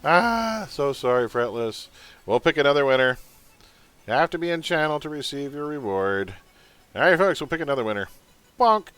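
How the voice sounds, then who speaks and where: A man's voice: medium pitch, expressive, a little fast, fairly bright tone, smooth. A man hosting a live game stream, chatting casually with viewers and teammates, joking and laughing often.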